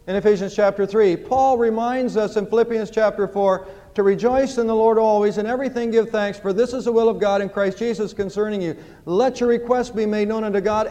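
A male pastor preaching an earnest sermon and quoting scripture. His voice is high for a man, and the long reverb of a church hall hangs after his words. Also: darkish tone. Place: church sanctuary.

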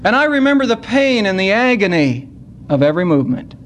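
A man preaching a sermon at a church service, earnest and unhurried, slowing down to stress key words. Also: sits high, very animated, fairly bright tone, a little hiss or hum. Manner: earnest, slows down to stress scripture.

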